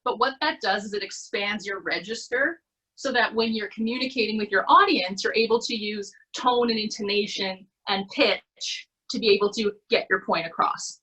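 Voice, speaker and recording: Canadian woman, coach on a video call, bright tone with some huskiness, friendly and conversational, keeps checking in. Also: fairly high pitch, husky, poor audio. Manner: encouraging, conversational, with frequent "okay?" check-ins. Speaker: presentation skills coach. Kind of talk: online workshop talk. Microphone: computer mic on a video call.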